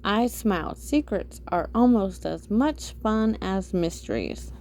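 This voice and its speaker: Woman, storyteller, children's book read-aloud, inviting, talks to listeners, middling pitch. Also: expressive, slow pace, a little mellow, slight background noise. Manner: inviting, addresses listeners directly.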